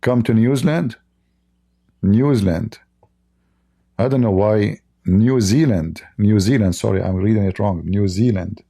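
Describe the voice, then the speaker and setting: His voice fairly low and dark with vocal fry, a live streamer talks at a measured pace and pauses often. Speaking English as a second language, brokenly, he reads viewer chat aloud and delivers heated, blunt, mocking remarks.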